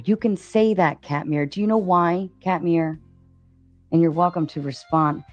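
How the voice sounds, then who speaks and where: A woman on a live-stream panel with a soft, husky voice, defiant as she reads out donations and answers viewers. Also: low voice, a little slow. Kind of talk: casual live-stream talk. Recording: dull muffled stream audio with faint music.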